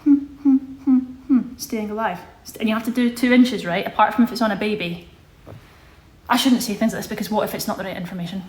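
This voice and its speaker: Reading through viewer comments, this twenty-something Scottish host chats loosely on her livestream, often correcting herself. Her voice is medium-pitched and fast, recorded in an echoey room.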